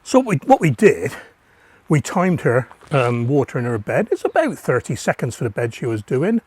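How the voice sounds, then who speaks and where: A man's voice: mid-range voice, wildly swooping pitch, moderate pace, darkish tone, breathy edge. A man chatting casually as he works on his allotment, muttering asides as he goes. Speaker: allotment gardener vlogger. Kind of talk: casual chat while gardening. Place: outdoors at an allotment plot.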